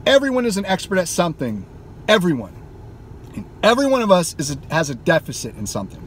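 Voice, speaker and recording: In a fast-paced, high-pitched voice with huge swings in pitch, a gaming YouTuber rants passionately from his car, swearing freely. A slight hiss or hum can be heard.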